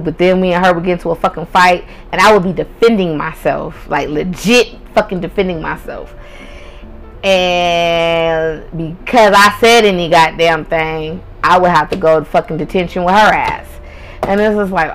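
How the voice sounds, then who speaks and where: A young podcast host with a lowish voice speaks at a moderate pace. She tells a candid, profane personal story in a casual way, laughing a lot along the way. The recording is rough.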